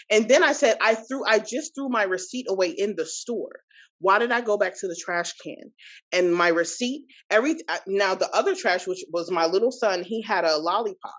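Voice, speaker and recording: A woman in her thirties, a podcast guest, recounting a personal experience in an animated, indignant way with many asides. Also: medium pitch. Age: 30s. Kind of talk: personal storytelling.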